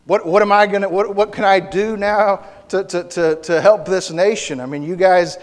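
A male pastor with a high-pitched voice delivers an impassioned sermon, often restarting and repeating words. His voice carries a long reverb from the church sanctuary. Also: steady tone, normal speed.

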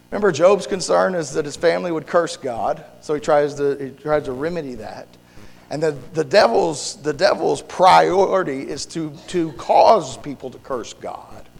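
A male pastor with a gravelly, hoarse voice preaches a sermon and prays, halting and restarting as he searches for words. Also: a little high. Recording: long hall reverb.

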